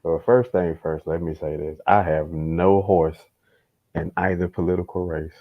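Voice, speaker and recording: A man hosting a casual interview, speaking in a deliberate way. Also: low-pitched, fairly even intonation. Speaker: host. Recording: dull lo-fi audio.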